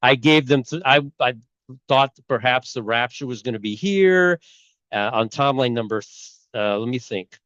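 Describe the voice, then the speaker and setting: A man's voice: mid-range voice, moderate pace, a bit bright, no room sound, lo-fi sound. A middle-aged man talking casually and rambling, with many fillers and restarts, as a channel host. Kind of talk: casual talk on bible timelines.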